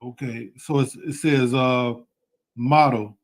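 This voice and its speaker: A man's voice: mid-range voice, steady tone, unhurried. Man chiming in on a scripture call. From United States. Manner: affirms with repeated "come, come", loose and wordy. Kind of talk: online scripture class.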